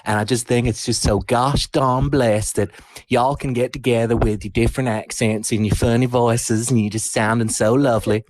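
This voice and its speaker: A man's voice: mid-range voice, steady tone, normal speed, no room sound, lightly acted. A man voicing a gushing, sweet-talking charmer with a Southern US accent in a comedy promo, folksy and syrupy.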